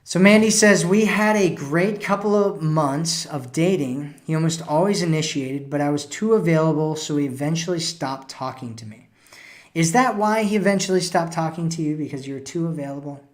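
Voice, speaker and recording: A man's voice: a little high, normal speed. A man hosting a live stream as a dating coach, giving casual advice and reading out viewer comments, often tagging lines with "right?" and "you know".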